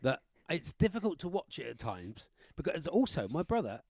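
A man co-hosting a podcast in casual chat, jokey and quick to laugh. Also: on the high side, very animated, darkish tone, no room sound. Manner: jokey, laughs often, breaks into song. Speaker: podcast co-host, comedian.

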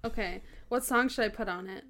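A woman's voice: mid-range voice, a little fast, fairly bright tone. Giggly self-mocking woman co-host. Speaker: podcast co-host. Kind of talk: casual chat.

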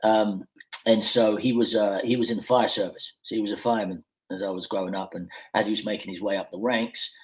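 A man from Scotland, an actor guest on a podcast, telling stories in a relaxed way with lots of fillers and restarts. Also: lowish voice, brisk. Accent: mixed Scottish and English, Americanised. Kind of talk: casual podcast chat.

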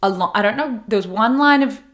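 A woman's voice: on the high side, a little fast, fairly bright tone. A young woman in casual chat, telling a story animatedly and acting out the quotes.

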